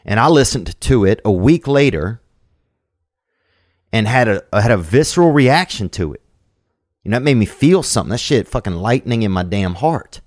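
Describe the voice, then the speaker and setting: A man's voice: on the low side, big pitch swings, moderate pace, darkish tone, no room sound, clean studio sound. A man hosting a podcast in casual chat, rambling and profane, scattering "man" and "bro" through his talk. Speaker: podcast host.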